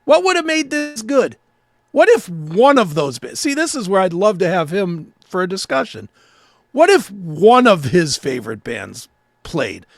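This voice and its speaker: Fifties guy cohosting a podcast, high gravelly voice, dry close mic, sarcastic and sweary. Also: very animated, measured pace, no echo. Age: 50s. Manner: sarcastic, ranting, swears often. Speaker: podcast co-host. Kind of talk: casual profane podcast banter.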